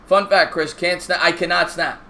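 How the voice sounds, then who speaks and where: A man in his 30s streams live baseball play-by-play, chatting with viewers, cracking jokes, and reading their comments aloud between chat shoutouts. The voice sits high with little pitch movement, at a moderate pace, bright and forceful. There's a little hiss or hum.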